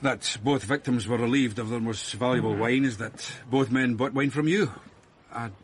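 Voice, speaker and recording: An actor playing a measured, politely probing investigator in a period crime drama. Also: male voice, mid-range voice, a little hiss or hum, close to an everyday voice. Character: calm, probing male investigator.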